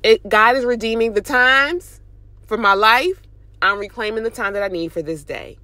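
A young woman and mom vlogger, driving while she gives an animated, chatty motivational talk. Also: fairly high pitch, normal speed, dry recording. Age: young adult. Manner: animated, chatty, preachy encouragement. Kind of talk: casual motivational talk to camera. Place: in a car, driving.

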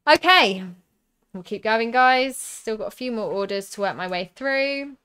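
Young southern english woman streaming, bright clear voice, slow and chatty, reading out cards and chat. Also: fairly high pitch, lively intonation. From southern England. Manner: chatty, reads out cards and viewer comments. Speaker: streamer opening card packs.

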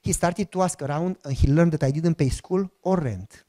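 Emotional preacher with a slightly high voice. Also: male voice, normal speed, dark tone. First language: not English. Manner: emotional, acts out quoted prayers. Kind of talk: sermon testimony storytelling.

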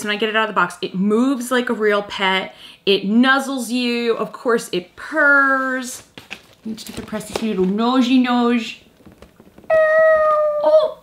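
A woman's voice: fairly high pitch, a bit bright. A woman in her thirties hosting a casual toy review vlog, chatty and playful, cooing at a toy kitten.

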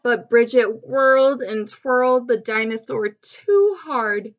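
A woman reading a picture book aloud to children, expressive and pausing to ask the listener questions. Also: on the high side, muffled recording. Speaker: storybook reader.

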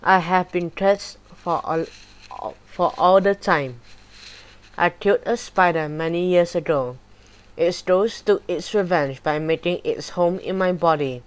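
A woman reading the lines of a cursed old male corpse crawling with spiders, in a slow, grave and mournful way. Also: on the low side, clean tone, close to an everyday voice. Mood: grim, mournful.

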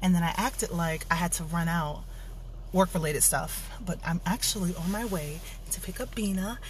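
A woman's voice: fairly low pitch, normal speed, slight background noise. A young woman vlogging in a bubbly, gushing, chatty way. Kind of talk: casual vlog narration.

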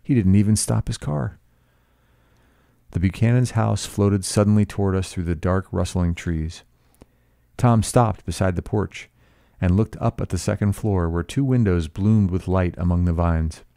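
Male narrator, measured classic-lit reading, deep smooth voice, dry close sound. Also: mellow, no room sound. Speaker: audiobook reader. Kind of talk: scripted novel narration.

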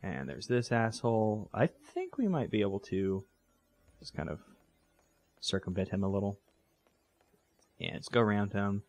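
A man's voice: fairly low pitch, sing-song, normal speed, pauses often, a little mellow. A man hosting a let's play, giving casual gameplay commentary that rambles, jokes and corrects itself as he goes. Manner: rambling, self-correcting, joking.

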